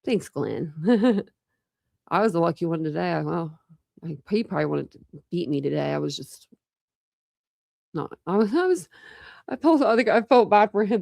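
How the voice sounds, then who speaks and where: A woman's voice: on the low side, big pitch swings, normal speed, gravelly, pauses often, a little mellow, no room sound, clean studio sound. A young woman hosting a casual true crime livestream, tired and rambling with many fillers. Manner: rambling, lots of fillers and restarts. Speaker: true crime channel host. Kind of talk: casual livestream chat with viewers.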